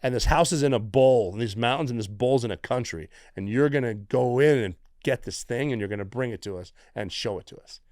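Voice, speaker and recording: A middle-aged man from the United States, a former Navy SEAL guest telling stories in a casual, profane, animated way. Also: mid-range voice, fairly quick, hardly any pauses, no echo, clean studio sound. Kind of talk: casual storytelling.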